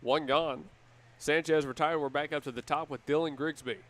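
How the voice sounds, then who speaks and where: Man calling a baseball game. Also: a little high. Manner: energetic, measured play-calling. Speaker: play-by-play announcer. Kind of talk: live baseball commentary.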